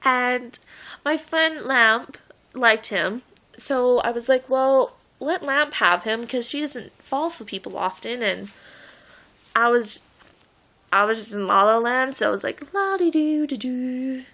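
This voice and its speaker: A woman's voice: fairly high pitch, slow, pushed and bright. A woman in her late teens telling stories in a rambling, giggly vlog, laughing often as she talks. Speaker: vlogger. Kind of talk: casual storytelling vlog.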